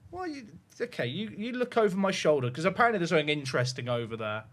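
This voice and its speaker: A man's voice: high voice, very animated, rapid-fire, fairly bright tone. A man on a headset mic, talking to his livestream chat while cooing to his dog in baby talk. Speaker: game streamer.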